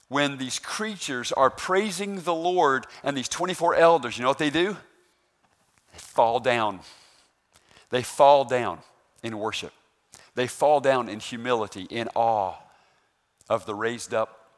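A man preaching a sermon, animated, rising loud on emphasis and asking the congregation questions. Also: mid-range voice. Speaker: pastor.

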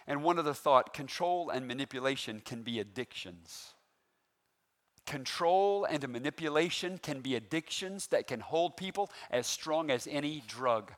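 Animated male preacher with rhetorical questions. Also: mid-range voice. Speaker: pastor. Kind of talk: sermon.

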